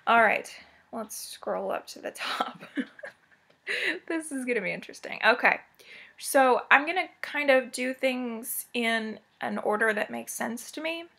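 A woman talks at home in a rambling, chatty way, drifting into asides as she gives a cross-stitch update. Her voice sits a little high and has a gravelly, fried edge. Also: animated, unhurried, sharp tone.

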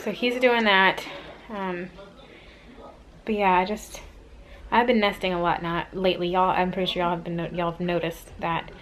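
A woman's voice: on the low side, steady tone, fairly bright tone, rough recording. Talky woman doing a home vlog, lots of ums, faint hiss. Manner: chatty, fast with fillers. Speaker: vlogger, wife. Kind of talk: casual home vlog chat. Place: carpeted home room. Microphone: handheld compact camera.

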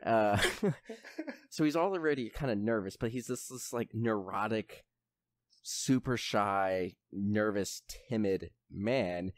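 Dude on a movie podcast, lowish voice, dry close mic, rambles on with likes and uhs. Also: male voice, lively intonation, takes it slowly, dry recording. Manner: rambling, filler-heavy, retelling scenes. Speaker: podcast co-host. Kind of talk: casual film review chat.

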